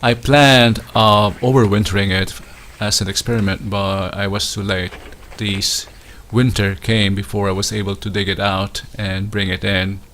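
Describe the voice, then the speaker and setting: A man from the Philippines shows viewers around his winter garden outside, speaking casually, slowly and haltingly with many fillers and restarts. His voice is lowish and level with a fairly bright tone, and there's a little hiss or hum in the audio.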